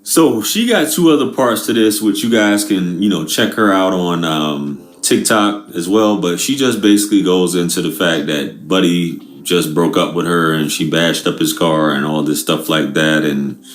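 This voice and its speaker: A man's voice: low-pitched, normal speed, few pauses, reverberant. A man hosting a reaction channel, talking in laid-back, slangy banter. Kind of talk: casual reaction commentary.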